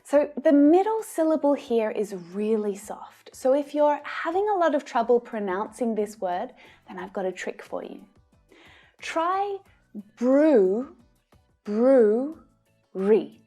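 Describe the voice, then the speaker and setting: A woman with an Australian accent teaching English pronunciation, modelling each sound slowly and carefully. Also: a little high, sing-song, warm tone, soft background music. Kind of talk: pronunciation lesson.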